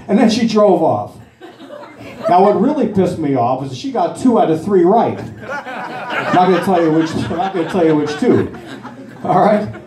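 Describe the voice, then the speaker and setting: A man in his sixties doing amateur stand-up comedy, rambling and halting, with many fillers and restarts. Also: high voice, sing-song, reverberant, crowd noise. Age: 60s.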